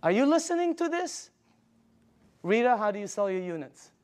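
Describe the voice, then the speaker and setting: High-voiced older man giving an emphatic sales pitch. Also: sing-song, moderate pace. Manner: enthusiastic, storytelling, emphatic. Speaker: sales presenter.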